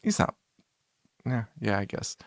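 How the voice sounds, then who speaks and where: Slow, profane man cohosting a podcast. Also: dry recording, clean studio sound. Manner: profane, rambling, laughs often. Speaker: podcast co-host. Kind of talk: casual chat about films.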